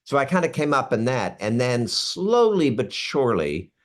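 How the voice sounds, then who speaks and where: A mid-range voice at normal speed belongs to a man in his sixties, an actor chatting casually as an interview guest. His storytelling is animated and dotted with asides and restarts.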